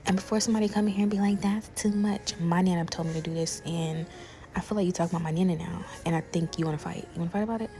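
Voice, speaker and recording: A woman's voice: fairly low pitch, level tone, fast, dark tone, faint music behind. A young woman, chatting casually to her viewers as she cooks, calling them y'all. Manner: chatty, talks straight to viewers, calls them y'all and besties. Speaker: cooking creator. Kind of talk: casual cooking vlog chat.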